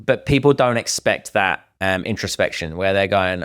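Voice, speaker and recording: A middle-aged man chats on a podcast in a low voice, picked up close with a dry sound. He talks in an animated way and slips into other people's voices to act out their remarks. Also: moderate pace, clean tone, no room sound. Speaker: podcast co-host. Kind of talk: casual podcast conversation.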